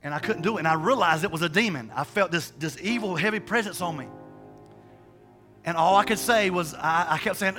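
Male preacher telling a testimony, bright and high-pitched, colloquial and emphatic, full of restarts. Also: quick pace, faint music behind. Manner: rambling storyteller with frequent restarts and repetitions. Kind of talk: sermon testimony.

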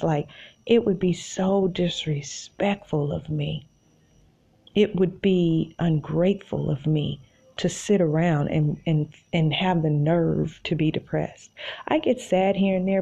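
Low gravelly woman, animated and rambling. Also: a little slow, highs cut off. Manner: animated, self-encouraging, rambling. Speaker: podcast host. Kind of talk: casual solo podcast monologue. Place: in bed at home.

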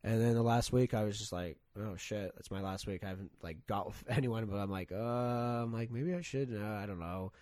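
A man's voice: on the low side, brisk, hardly any pauses, a little mellow, dry recording. A young man from Canada telling a long casual story, rambling and swearing with lots of "like". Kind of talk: casual chat.

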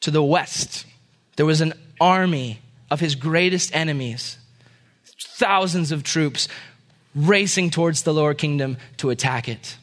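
A male pastor telling a dramatic story in a sermon and praying, swinging between raised and hushed delivery. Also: a little high, measured pace.

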